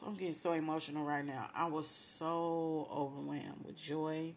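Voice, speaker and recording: A woman's voice: sits low, level tone, a little slow, a little hiss or hum. Emotional woman radio host giving testimony. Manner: heartfelt, religious, repeats praise phrases. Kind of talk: emotional personal testimony on air.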